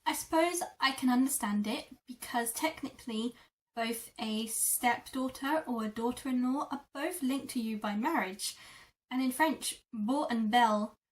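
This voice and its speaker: A young woman teaching French words in a lesson, repeating each word slowly and carefully. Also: a little high, distant mic. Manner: slow, careful repetition of words. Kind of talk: vocabulary lesson.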